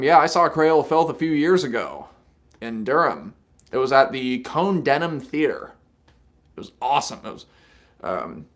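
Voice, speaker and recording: A man's voice: mid-range voice, fairly bright tone. A young man from North Carolina hosting a casual live stream, chatty, swearing freely and laughing at his own jokes.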